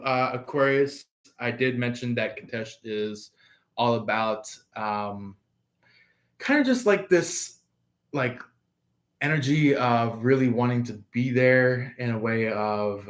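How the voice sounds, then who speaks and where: A man giving a casual tarot reading at an unhurried pace, wandering through his thoughts with fillers and restarts. His pitch sits mid-range and he talks directly to his viewers. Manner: rambling, many fillers and restarts. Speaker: tarot reader.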